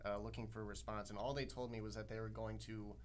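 A young man appearing as a reporter guest, answering questions in a measured, hesitant way with many fillers. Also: fairly low pitch, level tone. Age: young adult. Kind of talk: interview answers.

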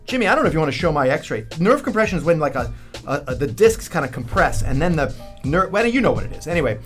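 A man co-hosting a sports radio show, joking with his partner and reading ads aloud in a quick, animated patter. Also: on the high side, soft background music. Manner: fast, wisecracking, animated. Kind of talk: joking sports radio banter with live ad reads.

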